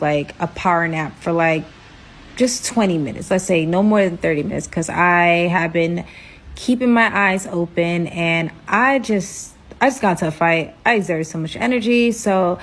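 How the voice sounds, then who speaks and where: A woman telling a personal story in a casual, slangy way, her voice jumping high in pitch for emphasis. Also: fairly bright tone, a little hiss or hum.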